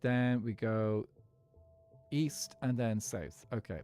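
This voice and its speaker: A man's voice: mid-range voice, slow pace, warm tone, faint music behind. An Irish man streaming a game, chatting casually and rambling with frequent laughs. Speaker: Minecraft streamer. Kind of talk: casual chat while gaming and reading chat.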